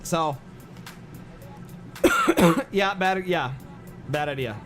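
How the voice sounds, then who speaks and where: Male game streamer, voice sits a bit high, off-the-cuff chat with chat, repeats himself, music bed audible. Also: huge pitch swings, extremely slow. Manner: rambling, reacts to chat with fillers and repeats. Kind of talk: casual livestream chat.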